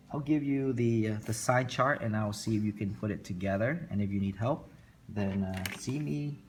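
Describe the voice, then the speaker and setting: A male math teacher with a low voice delivers a classroom lecture recorded for his students. He speaks slowly and repetitively, talking through each step as he sketches.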